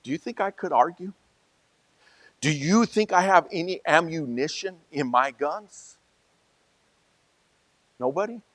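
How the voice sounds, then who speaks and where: A male pastor preaching a sermon in a conversational way, moving from soft asides to loud, emphatic peaks. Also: a little high, lively intonation, unhurried, pauses often, no echo.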